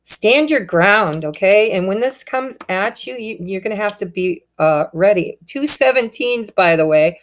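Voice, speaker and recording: A woman's voice: mid-range voice, animated, unhurried, few pauses. A woman giving a casual tarot reading, speaking straight to her viewers in an upbeat, encouraging way. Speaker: tarot reader.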